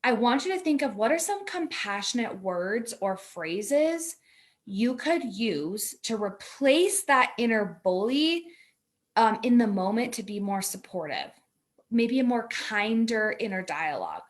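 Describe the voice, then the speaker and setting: A woman's voice: on the high side, sing-song, measured pace. A woman co-hosting a talk, coaching a guest in a casual, chatty way, full of "like", acting out inner voices.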